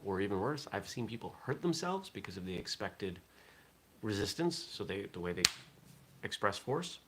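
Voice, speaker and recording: A man's voice: on the low side, fairly bright tone, slight background noise. A man hosting a casual morning vlog, rambling and thinking aloud with fillers. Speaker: vlog host.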